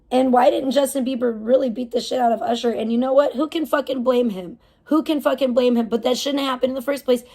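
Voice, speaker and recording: Woman streamer ranting, swearing, higher voice. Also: vocal fry, darkish tone. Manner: profane, heated ranting; rambling with frequent restarts. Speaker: live streamer. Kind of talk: casual livestream rant.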